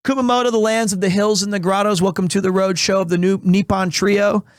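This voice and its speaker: A man in his thirties streaming live, chatting casually in a rambling, animated way with restarts, recovering from asthma and clearing his throat. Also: high voice, fairly quick, no room sound, studio quality. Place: small home room.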